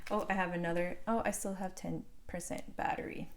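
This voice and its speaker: A woman's voice: fairly low pitch, fairly even intonation, fairly quick, slight background noise. A woman in her forties, a knitting podcast host, telling a casual story into a phone, rambling with fillers and restarts.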